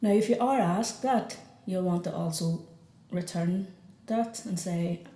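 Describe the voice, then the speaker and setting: A woman with an Irish accent teaching a beginner language lesson, saying each phrase slowly and repeating it. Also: lowish voice, mellow, echoey room.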